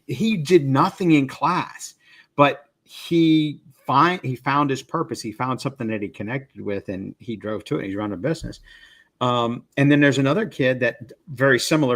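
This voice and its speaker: A man's voice: medium pitch, a bit bright. A man hosting a podcast, chatting in an easygoing, affirming way and telling stories about former students he coached, over a video call. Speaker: podcast host. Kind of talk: casual interview chat.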